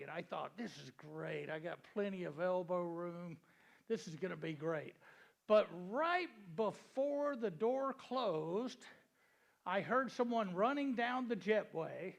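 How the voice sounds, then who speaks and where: A man with a high, gravelly voice tells a seminar audience a joke, then turns it into a lesson. His manner is folksy and chatty, and he stops to ask the room questions. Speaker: real estate seminar speaker. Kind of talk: joke-telling seminar talk to a live audience.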